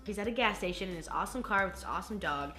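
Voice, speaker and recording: Animated, bright-voiced woman vlogger. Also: medium pitch, very fast, soft background music. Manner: animated, gushing, laughing, cursing. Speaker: vlog host reviewing movies. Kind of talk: casual movie recap.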